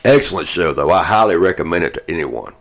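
A man with a low, deep voice chats in a relaxed, folksy way as a podcast co-host. He sounds easygoing and warmly enthusiastic about what he likes. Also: fast. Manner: laid-back, folksy and enthusiastic. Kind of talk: casual chat.

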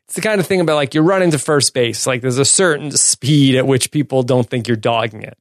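A man's voice: mid-range voice, a little fast. A man co-hosting a podcast, casually recapping an episode's scenes and chuckling along with his co-host. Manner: relaxed, recapping scenes with easy laughs.

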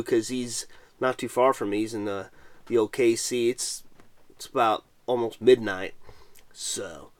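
A man's voice: mid-range voice, no room sound. Chatty middle-aged man. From Missouri, USA. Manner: chatty, reads viewer comments aloud. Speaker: podcast host. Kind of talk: casual late-night livestream chat.

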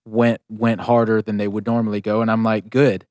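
Man, podcast host, casual chat, blunt and profane, lowish pitch. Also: completely flat delivery, brisk, a little mellow, no room sound, clean studio sound.

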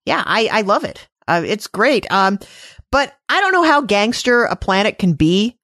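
A woman's voice: medium pitch, sing-song, normal speed, fairly bright tone, dry recording, clean studio sound. A woman co-hosting a casual fan discussion podcast, easygoing and wry. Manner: easygoing, wry, full of comparisons. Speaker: podcast co-host.

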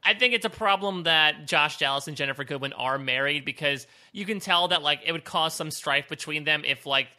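A man's voice: on the high side, a little fast, hardly any pauses. A man co-hosting a TV recap podcast in casual, joking chat. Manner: animated, joking, laughs often. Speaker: podcast co-host.

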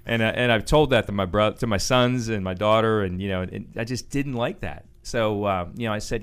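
A man with a very low voice speaks quickly, stories tumbling out as he answers interview questions. He talks with plenty of fillers and restarts, keeping a conversational flow. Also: smooth. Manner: animated storytelling with frequent fillers and restarts. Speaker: guest, business owner.

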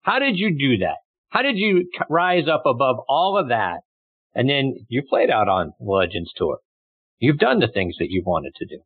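A man's voice: medium pitch, sing-song, normal speed, slightly rough, no room sound. Guy hosting a golf podcast, winds through his questions, tinny dry audio. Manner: rambling, loose questions with fillers. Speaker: podcast host. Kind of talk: interview questions. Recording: dry tinny phone-like line.

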